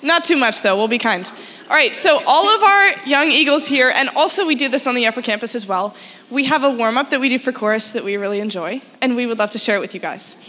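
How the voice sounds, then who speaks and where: Upbeat woman chorus teacher, bright high voice. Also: expressive, fast, slight background noise. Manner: upbeat, encouraging, chanting fruit words. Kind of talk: leading an audience warm-up at a school concert. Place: school concert hall. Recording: long hall reverb with music behind.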